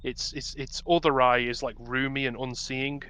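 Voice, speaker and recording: Man, game master, bright voice, crisp and clear, descriptive narration, lots of ums. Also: medium pitch, steady tone, moderate pace. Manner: descriptive with frequent ums and restarts.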